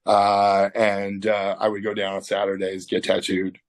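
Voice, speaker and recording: Speaking unhurriedly in a lowish voice, a middle-aged man with a Canadian accent, a tattoo artist guest, spins a vivid story over a video call, swearing freely and acting out every quote. His voice sounds dry and close, with no echo and no room around it.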